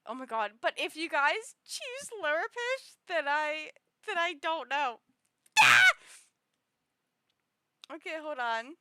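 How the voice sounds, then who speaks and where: A young woman streamer chatting casually with viewers in a high, girlish voice, rambling and giggling with frequent restarts. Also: big pitch swings, takes it slowly, long pauses, sharp tone, slight background noise. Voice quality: high, girlish voice others have called annoying.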